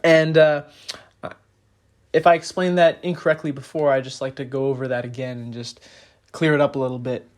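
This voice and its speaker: A man's voice: medium pitch, steady tone, brisk, long pauses. Young man with a slight lisp. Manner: earnest, explanatory, with frequent fillers. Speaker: podcast host. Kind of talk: casual podcast talk.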